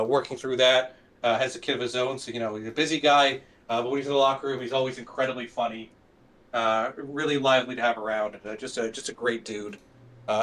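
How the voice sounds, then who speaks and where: A man's voice: medium pitch, a bit bright, recorded from a distance. Easygoing man, a bit off-mic. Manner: easygoing, dry humor, frequent "uh". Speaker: co-general manager. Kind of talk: casual live draft commentary.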